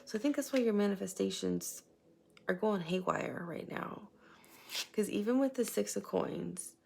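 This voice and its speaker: A woman giving a casual tarot reading, chatty and rambling, sometimes sinking into a soft whisper. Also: mid-range voice, moderate pace, gravelly, slight background noise. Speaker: tarot reader.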